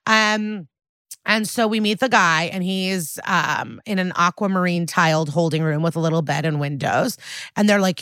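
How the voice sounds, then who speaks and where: A woman's voice: on the low side, normal speed, a bit bright, clean tone, no echo, clean studio sound. Chatty sarcastic woman podcast host. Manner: chatty, sarcastic, swears freely. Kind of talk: casual episode recap.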